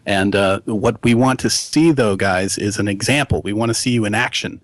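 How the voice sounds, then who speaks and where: A man co-hosting a podcast, talking in a relaxed, halting way with plenty of fillers. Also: fairly low pitch, dry recording. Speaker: podcast co-host. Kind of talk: casual podcast chat.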